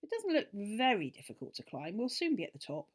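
A woman's voice: mid-range voice, huge pitch swings, fairly quick. A woman voicing a sensible, cautious young girl in a storybook reading. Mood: earnest. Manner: careful and earnest.

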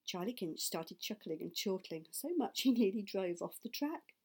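A woman narrates a storybook aloud. Her reading is measured and expressive, at an ordinary pitch. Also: breathy edge. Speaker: audiobook reader.

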